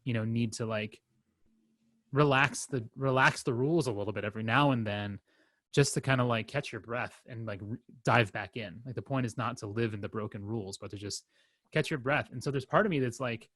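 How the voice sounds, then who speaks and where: A young man co-hosting a podcast, talking in a rambling, halting way with lots of fillers and restarts and some wry self-deprecating humor. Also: medium pitch, a bit bright, no room sound. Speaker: podcast co-host. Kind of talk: casual chat.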